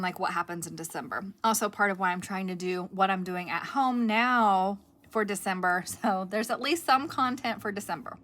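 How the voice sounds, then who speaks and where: A woman's voice: medium pitch, normal speed, a bit bright. A middle-aged woman hosting a craft channel, chatting casually to camera in a rambling, self-correcting way with a cough drop in her mouth.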